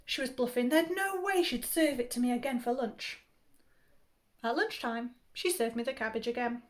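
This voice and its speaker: A woman, a primary school teacher, reading a funny children's story aloud with animated, playful timing. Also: a little high, moderate pace.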